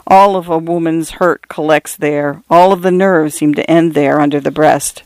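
A man narrating a first-person story in a measured, even way. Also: on the high side, smooth, dry recording.

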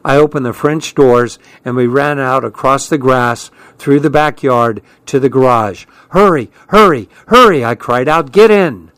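A man's voice: mid-range voice, steady tone, a bit bright, clear, resonant tone, dry recording. Man narrating an audiobook, dry close sound. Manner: measured, tense storytelling. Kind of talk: scripted first-person narration.

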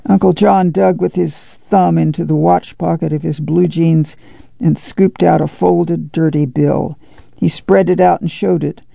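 Man reading a novel, measured and steady, very gravelly, dark tone, dull dry sound. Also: fairly high pitch, dry recording. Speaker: audiobook reader. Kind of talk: literary audiobook narration on radio. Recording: dull dry lo-fi studio read.

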